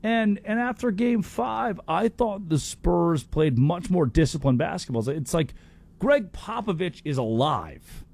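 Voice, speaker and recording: A man hosting a sports talk show, delivering animated, opinionated commentary with quick restarts. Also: sits high, vocal fry.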